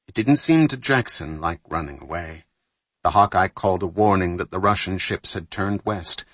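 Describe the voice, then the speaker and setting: Deep husky male audiobook narrator. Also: no room sound. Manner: measured, steady reading with lightly voiced dialogue.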